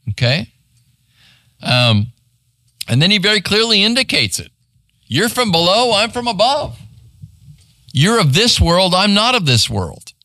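Lively, bright-voiced male pastor teaching. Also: a little high, dry recording, studio quality. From United States. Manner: conversational teaching, asking "right?" often. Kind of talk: sermon.

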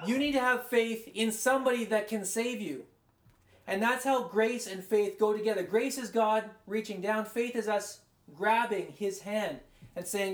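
A man giving a conversational, rambling sermon as a pastor, his voice going a bit hoarse. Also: sits high, moderate pace, echoey room. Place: large room, speaking to a congregation far away.

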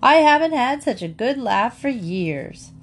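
A woman's voice: fairly high pitch, big pitch swings, unhurried, pitched above the performer's own voice, full character voice. A woman voicing Mrs Archer, a self-assured, gossipy small-town lady. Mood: amused.

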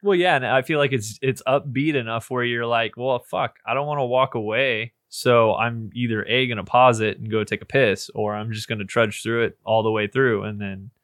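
A man co-hosting a movie podcast, laid-back and quick to laugh, swearing freely in casual talk. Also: mid-range voice, fairly even intonation, fairly bright tone, dry recording, clean studio sound. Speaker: podcast co-host. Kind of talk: casual movie review chat.

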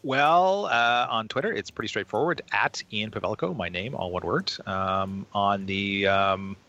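A man co-hosting a casual podcast, chatty and jokey, with quick asides. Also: on the low side, sharp tone, highs cut off. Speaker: podcast co-host.

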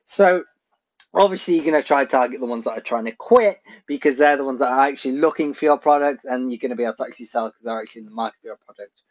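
A man hosting a marketing show, telling a story casually with lots of fillers and frequent laughter. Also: medium pitch. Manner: chatty, laughs often, many fillers. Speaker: marketing podcast host. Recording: slightly dull lo-fi audio.

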